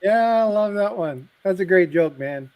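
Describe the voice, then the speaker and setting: A man's voice: high-pitched, normal speed. A middle-aged man on a casual live stream, telling jokes and family stories, acting out the voices as he goes. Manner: animated, acts out voices in his stories.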